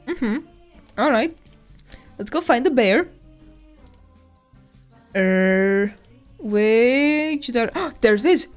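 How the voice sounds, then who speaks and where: A woman streaming live, chatting casually and excitedly while exploring a map, squealing at animals and swearing now and then. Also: a little high.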